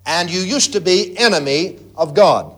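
A man preaching a sermon to a congregation, swinging from loud emphatic lines to hushed, intimate asides. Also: moderate pace. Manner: preaching with sweeping swings in pitch and loudness, drops to near-whisper asides. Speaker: pastor.

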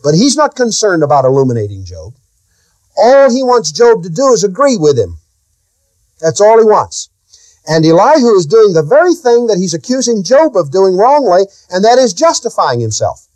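Male preacher, high voice, very animated pitch, dry close sound, sermon delivery. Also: normal speed, no echo. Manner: preaching with sudden rises and drops in pitch, asking the listeners questions.

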